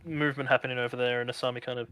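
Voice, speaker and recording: A man narrating as game master in a tabletop game, relaxed and rambling with many fillers. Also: mid-range voice, very fast, slight background noise.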